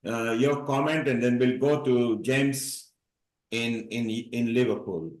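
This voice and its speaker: A man's voice: mid-range voice, steady tone, slow, darkish tone. A man hosting a live online celebration, moderating speakers in an upbeat, rambling way over a video call. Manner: upbeat, rambling, folksy phrasing. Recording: roomy echo.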